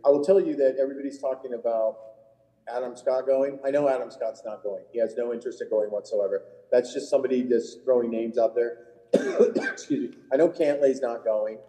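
A man's voice: mid-range voice, fairly quick, mellow, in a large hall, rough recording. A man who works as a tour caddie, co-hosting a golf podcast and telling long rambling anecdotes in casual chat. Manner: rambling anecdotes with laughs and profanity.

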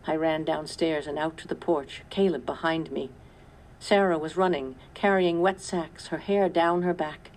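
A woman reading a storybook aloud in calm, measured narration. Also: sits low, low-quality recording. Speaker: storybook reader. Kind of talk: scripted narration.

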